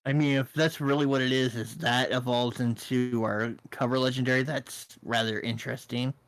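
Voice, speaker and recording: A man rambles through a casual podcast chat in a voice of middling pitch. He jokes as he goes and sometimes jumps into a squeaky mock voice. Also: steady tone, normal speed, clear, resonant tone. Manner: rambling, jokey, breaks into high silly voices. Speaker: podcast co-host.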